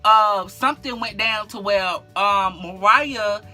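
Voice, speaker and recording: A vlogger telling a story casually in an animated, slangy, profane way, full of fillers and asides to the viewer. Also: mid-range voice, takes it slowly, soft background music.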